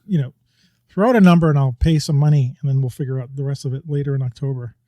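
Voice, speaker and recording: A man's voice: mid-range voice, quick pace, dark tone, no room sound. A middle-aged man co-hosting a podcast in casual chat, rambling and chatty and often laughing as he talks. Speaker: podcast co-host. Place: home, New York.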